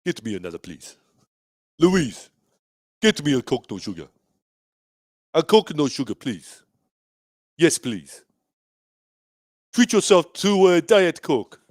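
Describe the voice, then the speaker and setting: A man's voice: medium pitch, very animated, measured pace, husky, dry recording, studio quality, full character voice. A man voicing an exaggerated put-on African accent, hamming up an ad line and demanding a Coke in a bar. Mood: hammy. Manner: comic, hammy ad-voice parody.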